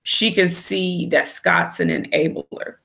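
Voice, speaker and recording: A woman's voice: on the low side, slow pace, vocal fry, bright, forceful tone. A woman giving a candid, opinionated casual recap of a reality show as a vlogger. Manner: candid, opinionated, with quoted asides.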